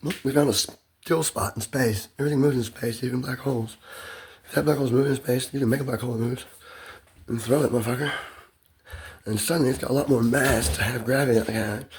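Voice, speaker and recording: A man's voice: mid-range voice, steady tone, fast, slight background noise. Man, ordinary mid-range voice, rambling profane solo monologue. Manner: loose, profane, stream-of-consciousness musing. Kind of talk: rambling self-recorded monologue.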